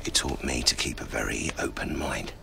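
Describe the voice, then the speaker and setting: A man's voice: rumbling low, normal speed, exaggerated voice. A man voicing a blunt, swearing army sergeant in a fan dub of film scenes. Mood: grim storytelling. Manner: gruff, swearing, commanding. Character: hardened male army sergeant, middle-aged, blunt. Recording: loud background film music.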